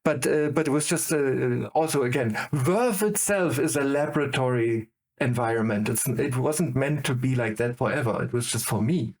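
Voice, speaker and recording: A middle-aged man with a German accent, a guest in casual chat who rambles excitedly from tangent to tangent. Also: medium pitch, normal speed, hardly any pauses.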